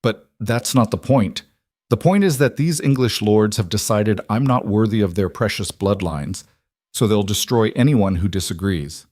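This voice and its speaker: A man voicing a proud older foreign merchant and father who speaks flatly and grimly, in an audiobook romance. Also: on the low side, moderate pace, no room sound, studio quality, lightly acted. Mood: indignant. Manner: flat, grim and forceful.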